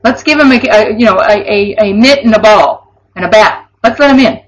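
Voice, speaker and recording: A woman's voice: medium pitch, fairly quick. A woman giving an informal Christian devotional teaching, earnest and conversational, with laughing asides. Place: online or broadcast session. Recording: dull lo-fi recording.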